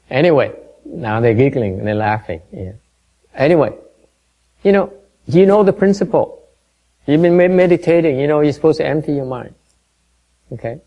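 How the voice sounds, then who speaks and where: A man giving a dharma talk to a meditation class, halting and full of fillers, quizzing and gently teasing his listeners. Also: medium pitch, dull audio. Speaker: meditation teacher.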